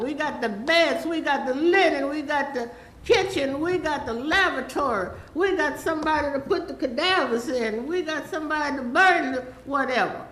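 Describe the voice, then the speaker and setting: A woman's voice: high-pitched, a bit bright, echoey room, poor audio. A woman, rambling and pleading through a public comment at a city council meeting. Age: 80s.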